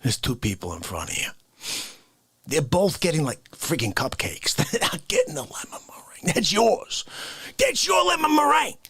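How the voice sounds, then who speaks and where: A man putting on an indignant Italian tough guy from the Bronx, ranting slowly and dropping from shouts to hushed whispers. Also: a little high, huge pitch swings, gravelly, breathy edge, no echo, full character voice. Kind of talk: comedic character monologue.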